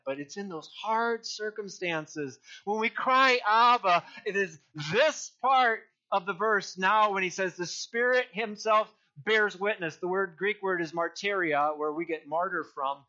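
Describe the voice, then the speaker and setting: An older male pastor preaches in an earnest, rambling way, doubling back on his words and rising to cry out key phrases. His voice sits high and sounds bright and forceful. The recording is dull and lo-fi. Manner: earnest, rambling with many restarts and crying-out emphasis. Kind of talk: sermon.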